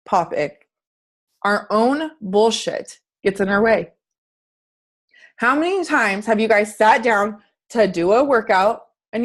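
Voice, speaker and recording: A woman's voice: a little high, unhurried. A woman fitness coach giving an earnest, chatty motivational talk on a group video call, asking her listeners questions.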